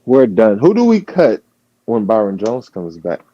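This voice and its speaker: A man's voice: on the low side, wildly swooping pitch, dark tone, muffled recording, a little hiss or hum. A man on a casual sports podcast who keeps interrupting to argue his point. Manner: quick to interrupt and object, argumentative.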